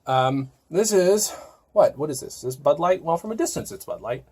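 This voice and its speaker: A man's voice: a little high, big pitch swings, moderate pace, a little mellow, slightly rough. A man in his thirties talking casually to camera as a vlogger, rambling and joking, often breaking off mid-sentence. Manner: rambling, self-interrupting, joking. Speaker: vlogger and podcaster.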